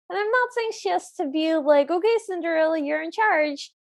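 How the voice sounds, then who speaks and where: A woman's voice: very high-pitched, lively intonation, moderate pace. A woman co-hosting a podcast in casual chat, earnest and openly opinionated about what she likes and dislikes. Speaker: podcast co-host.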